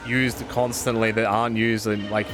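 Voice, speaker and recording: A man's voice: on the low side, little pitch movement, moderate pace, over music. A man with an Australian accent chatting casually on a live game stream, rambling and answering chat as he plays.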